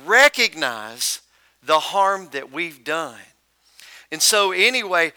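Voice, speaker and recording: Bright-toned joking pastor, a man. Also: sits high, clean tone. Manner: conversational, joking storyteller. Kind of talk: sermon.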